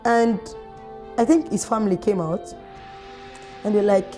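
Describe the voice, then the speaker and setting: A young Nigerian woman, an activist guest in an interview, telling her story in a lively way and acting out the voices she quotes. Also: medium pitch, unhurried, soft background music. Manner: animated, acts out quoted voices.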